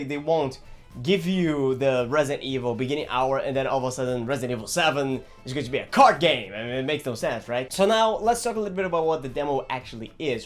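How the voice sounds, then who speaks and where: A young man from Brazil, chatting casually about a video game in an animated, rambling, jokey way. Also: mid-range voice. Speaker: gaming vlogger.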